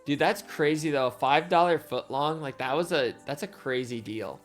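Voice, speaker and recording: A man's voice: fairly high pitch, moderate pace, soft background music. Easygoing male gamer, hesitant casual chat, frequent laughs. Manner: laid-back, hesitant, laughs often. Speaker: fellow player in a survival game.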